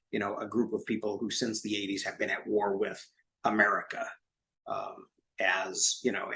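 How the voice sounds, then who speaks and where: Guy running a book club, bright edgy voice, keeps restarting sentences. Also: on the low side, poor audio. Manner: rambling, halting with many restarts. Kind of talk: casual discussion.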